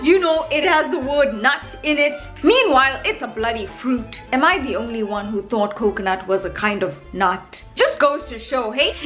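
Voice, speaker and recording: Animated South African woman vlogging. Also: high-pitched. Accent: South African English. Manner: chatty, animated, self-mocking. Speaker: YouTuber. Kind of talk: casual talking-to-camera vlog.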